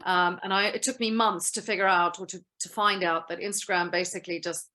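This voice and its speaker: A woman guest on an interview show, talking about her work in a lively, storytelling way. Her voice is bright and forceful and carries well. It has the loose feel of casual conversation. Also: on the low side, brisk. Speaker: guest actress.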